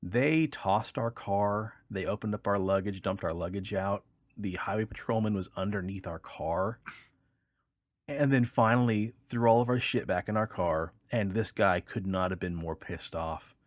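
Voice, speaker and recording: A man from Kansas co-hosting a podcast, an animated storyteller who swears freely in casual chat. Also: on the low side, normal speed, dry recording. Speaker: podcast co-host.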